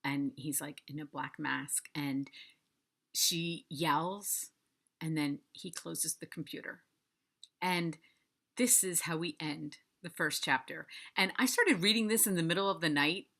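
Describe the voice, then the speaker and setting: A woman hosting a casual book review vlog, chatty and enthusiastic, talking straight to her viewers and gushing with quick repetition. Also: deep voice, creaky, pushed and bright.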